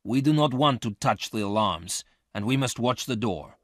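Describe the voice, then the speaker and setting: A man's voice: medium pitch, animated, normal speed, dry recording, voice pushed up, lightly acted. Man playing a hard, impatient gunman in a storybook, blunt and scornful, dry close sound.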